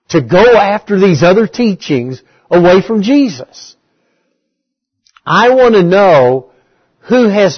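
Husky man preaching a bible study. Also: high-pitched, muffled recording. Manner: conversational, questions the audience, repeats key words.

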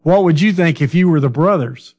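A man preaching a Bible-study sermon, talking slowly and conversationally, asking his listeners questions and now and then losing his train of thought. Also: on the high side, animated, a little mellow, highs cut off. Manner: fillers and restarts, loses his train of thought.

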